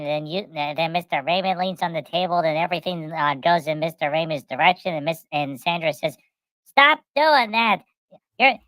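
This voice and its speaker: Woman, lowish voice, rambling comic storyteller, stammers and repeats, dry close mic. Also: a bit bright, no room sound, rough recording. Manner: rambling, repeats words and restarts, acts out the people in her stories.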